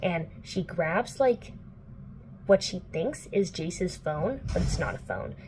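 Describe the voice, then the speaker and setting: A woman's voice: lowish voice, expressive, slow, a little mellow, a little hiss or hum. A young woman book vlogger casually recapping a plot indoors, chatty and playful, full of "like" and swearing. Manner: chatty, filler-heavy, profane, playful.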